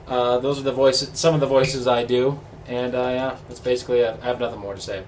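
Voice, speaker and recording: A man's voice: mid-range voice, level tone, brisk, hardly any pauses. A young man chatting in a rambling, easygoing, self-deprecating way as a vlogger. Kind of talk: casual chat. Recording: distant mic with faint background noise.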